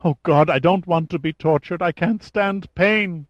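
A man's voice: moderate pace, dry recording, natural voice. A man voicing a terrified, pleading henchman. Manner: high, pleading, near-whimpering. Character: frightened male henchman, pleading and cowering. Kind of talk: audiobook character voice. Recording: dull lo-fi audiobook recording.

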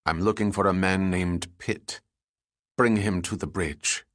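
A man voicing a stern male commando officer with a crisp, clipped Hebrew accent, speaking slowly and with command. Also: low voice, steady tone, fairly bright tone, no echo, clean studio sound.

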